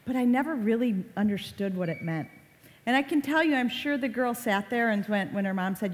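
A woman's voice: mid-range voice, expressive, fairly quick. A woman who works as an online safety educator, talking to parents in a conversational way and acting out short quoted lines. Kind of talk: talk to parents. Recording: reverberant hall.

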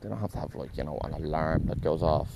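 A man's voice: very deep voice, fast, vocal fry, very noisy. A man talking in a casual, meandering monologue, correcting himself often and swearing offhandedly.

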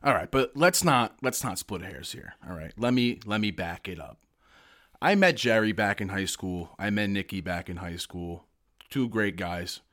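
A man's voice: lowish voice, lively intonation, moderate pace, fairly bright tone. Brash, profane male podcast guest. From United States. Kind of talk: casual podcast storytelling.

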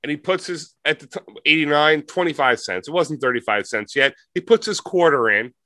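A man's voice: fairly high pitch, animated, fairly quick, bright, forceful tone, no room sound. A man co-hosting a podcast, spinning a rambling comic story in casual chat. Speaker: podcast co-host.

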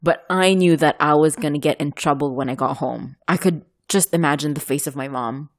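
A woman from the United Arab Emirates telling a story in a casual chat, animated and laughing often. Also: low-pitched, a little fast.

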